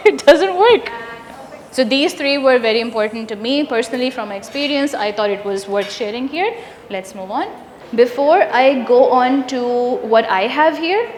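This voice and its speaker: A woman leading an interactive teacher training workshop, asking the room questions and confirming their answers. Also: on the high side. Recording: echoey room with long reverb.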